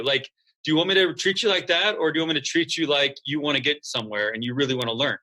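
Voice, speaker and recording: A man's voice: a little high, fast. A man who founded a school, talking casually as a podcast guest and acting out what students and coaches say. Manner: lively, acts out quoted students and coaches. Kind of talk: casual interview conversation.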